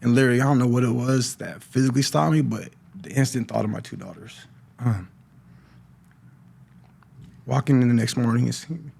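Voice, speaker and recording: A middle-aged man giving a personal testimony on a podcast, talking in a halting way with many restarts and repeated words. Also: mid-range voice, gravelly, darkish tone, slightly rough. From California. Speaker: podcast guest sharing recovery story. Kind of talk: personal testimony, casual talk.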